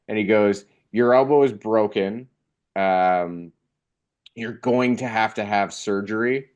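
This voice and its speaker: A young man telling a funny personal story in a casual, animated way, acting out the voices of the people in it. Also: lowish voice, measured pace, muffled recording. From Canada.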